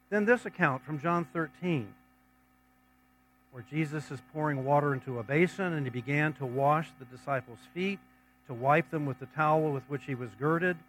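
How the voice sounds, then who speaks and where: A man's voice: a little high, fairly bright tone, rough recording. A man preaching a sermon, reading scripture passages aloud and then commenting on them in a conversational way.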